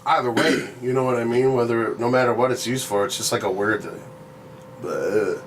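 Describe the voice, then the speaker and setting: A man's voice: mid-range voice, normal speed. Chill guy on a podcast, swears a ton, says "you know what i mean" constantly, faint hiss behind. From grew up on a reservation. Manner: loose, profane, keeps saying "you know what I mean". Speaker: podcast co-host. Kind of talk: casual chat.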